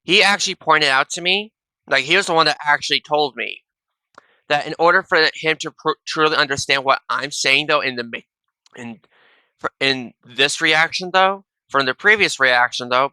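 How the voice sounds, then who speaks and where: A man with a very bright, forceful voice chats casually to his viewers through a wireless headset. His tone is smooth and clear, and he rambles, restarting sentences and tagging "though" onto almost everything he says. The sound is close and dry. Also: fairly high pitch, no room sound. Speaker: reaction video host. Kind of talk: casual reaction commentary. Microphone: wireless gaming headset.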